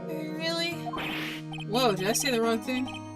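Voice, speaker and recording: A woman streamer chatting loudly and jokingly while playing and reading out game dialogue. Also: mid-range voice, moderate pace. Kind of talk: casual gameplay commentary and reading out game dialogue. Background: video game music.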